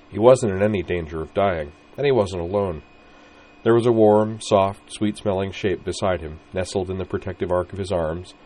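A man reading aloud his own story in an expressive, wry way. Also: deep voice. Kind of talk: storybook narration.

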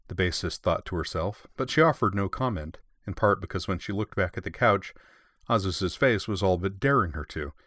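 A man reading a story aloud in an expressive, measured way. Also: low voice, no room sound. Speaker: story reader. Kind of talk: reading fan fiction aloud.

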